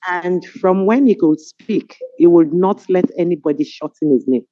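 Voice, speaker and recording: A middle-aged Nigerian woman on a webinar panel, telling stories in an animated, amused way over a video call. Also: fairly low pitch, moderate pace, no room sound. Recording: dull lo-fi video call audio.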